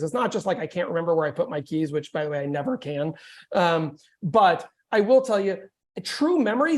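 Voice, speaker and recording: Male sales coach, jokey and high-energy, chatty delivery, teaching over a video call. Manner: energetic, joking, conversational. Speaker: real estate coach.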